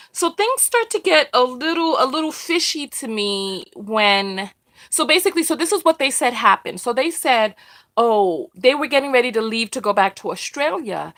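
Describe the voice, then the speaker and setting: Chatty woman with a higher voice. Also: a bit bright. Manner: chatty, repeats herself, asks "right?". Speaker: host of a live discussion. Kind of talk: casual live-stream commentary.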